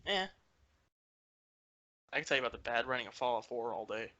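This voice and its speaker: Bright-voiced profane male podcast host. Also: medium pitch, expressive, fairly quick, lo-fi sound. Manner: profane, ranting. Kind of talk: casual podcast chat.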